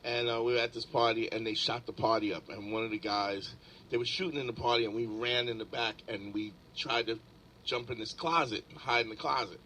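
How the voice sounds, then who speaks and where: A man's voice: medium pitch, a little fast, slight background noise, low-quality recording. A man telling stories in casual chat, acting out the people in them and laughing as he goes. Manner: animated storyteller, acts out quotes with laughter.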